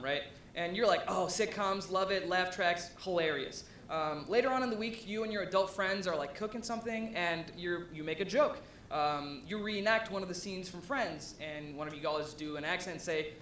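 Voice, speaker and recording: A young man from Ohio giving a casual presentation to an audience, talking conversationally with lots of ums and likes. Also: a bit bright. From USA (Ohio). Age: young adult. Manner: conversational, with frequent ums and likes and rising asides. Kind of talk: casual live presentation talk. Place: event venue before an audience. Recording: echoey room with faint rumble.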